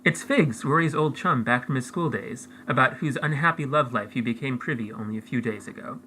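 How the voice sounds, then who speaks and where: A man reading aloud an interactive story in a measured way, as game master for his friends. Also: mid-range voice, pushed and bright, slight background noise, poor audio.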